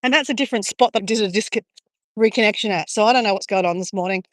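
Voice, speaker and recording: A woman walks along a beach outdoors, casually chatting to her live-stream viewers, rambling and greeting people by name. She has a mid-range voice and talks fast. The recording is dry and studio quality.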